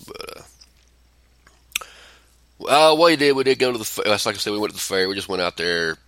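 Blunt, profane man, deep and dry. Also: lively intonation, a little fast, fairly bright tone, no echo. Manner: blunt, profane, rambling storyteller. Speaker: podcast co-host. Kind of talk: casual chat.

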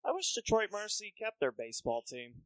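Fairly high-voiced male podcast host. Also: sing-song, a little fast, no echo. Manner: brief interjections and asides. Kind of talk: casual chat.

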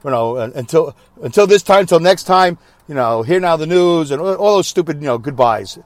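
A chatty man records a rambling podcast from his parked car, mocking himself as he goes. His pitch swings a lot and runs a touch high. The sound is close and dry, with no room around it. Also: lively intonation, fairly quick, dry recording. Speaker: podcast host. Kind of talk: casual solo podcast chat.

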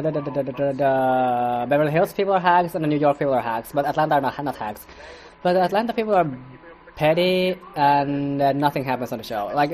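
Sarcastic, foul-mouthed podcast reviewer. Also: medium pitch. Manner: sarcastic and profane; rambling with stammers and restarts. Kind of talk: casual commentary monologue.

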